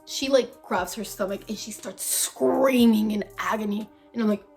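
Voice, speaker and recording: A woman's voice: mid-range voice, normal speed, creaky, a little mellow. A young woman vlogger telling a story in casual, dramatic chat, swearing freely. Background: faint background music.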